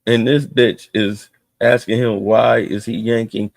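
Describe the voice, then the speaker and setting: A man's voice: medium pitch, a little slow, no room sound, studio quality. A man streaming heated, profane political commentary with a mocking edge.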